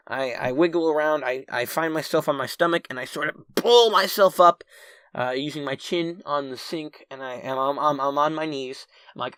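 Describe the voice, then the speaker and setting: A man's voice: a little high, moderate pace, clear, resonant tone, no echo, clean studio sound. A man telling a personal story to camera in a casual way, rambling with restarts and "right?" asides, and acting out his own panic. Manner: animated, acts out his own panicked past self. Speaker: channel's featured storyteller.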